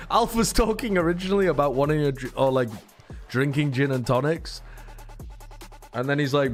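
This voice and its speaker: A man with an English accent co-hosting a watch party, joking and swearing in quick casual banter. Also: mid-range voice, faint music behind. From Britain. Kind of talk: casual chat.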